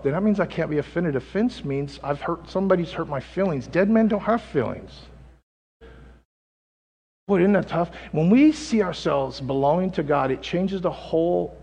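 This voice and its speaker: A man with a notably high voice delivers a sermon, talking to the congregation like friends and calling for amens. He swings between loud, excited peaks and quiet, low asides. The recording carries a long hall reverb. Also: vocal fry, husky. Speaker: pastor.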